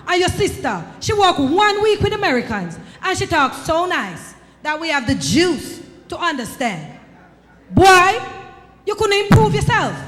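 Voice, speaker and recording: A woman's voice: high-pitched, full character voice. A woman with a Jamaican accent performing a dialect poem as a mother scolding and shaming her son. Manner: scornful, scolding, shouting bursts. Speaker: poetry performer. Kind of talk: dramatic dialect poem recitation. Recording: long hall reverb.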